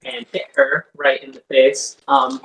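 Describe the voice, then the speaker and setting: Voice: mid-range voice, very animated, measured pace, creaky, a bit bright, roomy sound, distant mic, poor audio. A game master narrating a tabletop game in a loose, casual way with many fillers.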